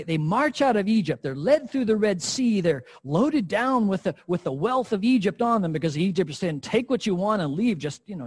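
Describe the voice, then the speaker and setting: A man's voice: sits high, a little mellow. A man preaching a sermon in an earnest, emphatic way, addressing his listeners directly.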